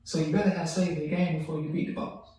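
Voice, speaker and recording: Male co-host, laid-back, slightly high voice; distant mic in an echoey room, faint hiss. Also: flat delivery, fast talker, mellow. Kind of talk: casual chat.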